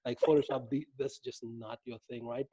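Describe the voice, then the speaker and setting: Husky, warm-voiced male interview host. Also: medium pitch, fairly even intonation, normal speed, no room sound, muffled recording. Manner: rambling, searching questions. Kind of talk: casual live-stream interview.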